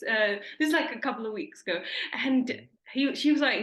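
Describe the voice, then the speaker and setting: A woman's voice: fairly high pitch, animated, brisk, fairly bright tone, echoey room. A woman hosting an interview, talking in an enthusiastic, chatty way with many fillers and restarts. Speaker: interviewer host. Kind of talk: casual interview.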